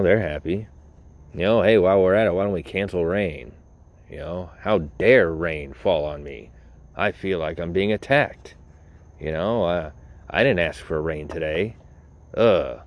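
Deep-voiced man ranting sarcastically. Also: a little hiss or hum. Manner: sarcastic, profane, rambling. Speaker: podcast host. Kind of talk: comedic rant.

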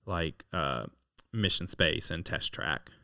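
A man's voice: rumbling low, animated, slow pace, vocal fry, bright, forceful tone, smooth, dry recording. A man chatting casually as a podcast co-host, rambling with lots of filler words, dry close-miked sound. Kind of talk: casual chat.

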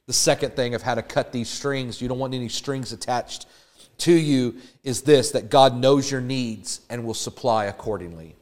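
A man's voice: medium pitch, normal speed, a little mellow. A man preaching a sermon, building emphatic repeated lines that rise in fervor. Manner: emphatic, rising to fervent repetition.

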